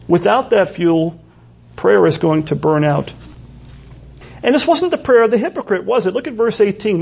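A man's voice: high-pitched, creaky, darkish tone, husky. A man preaching a sermon in a church, earnest and full of rhetorical questions. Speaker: pastor.

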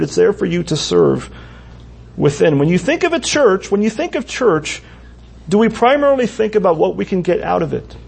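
A man preaching a sermon as pastor, earnest, with pauses and repeated phrases. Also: high-pitched, gravelly, darkish tone, slightly rough.

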